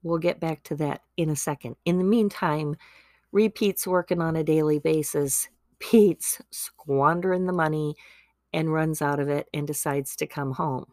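A woman's voice: low voice, steady tone, measured pace, a little mellow, no room sound, clean studio sound. A woman podcast host casually retelling a Bible story, chatty and peppered with "like".

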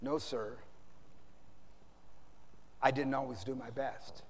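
A preacher voicing an earnest young naval officer. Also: male voice, fairly high pitch, lively intonation, normal speed, long reverb tail, a little hiss or hum. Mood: humbled. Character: young male naval officer, proud then humbled.

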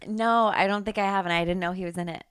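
A woman's voice: medium pitch, steady tone, fast, a bit bright, smooth, dry recording. Dry-witted woman podcast guest. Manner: dry, brief replies. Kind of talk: casual chat. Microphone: studio microphone.

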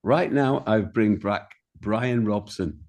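A middle-aged man, a guest in an interview, telling stories in a warm way and often repeating words as he starts a sentence. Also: on the low side, slow. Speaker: guest, singer-songwriter. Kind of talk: candid interview chat.

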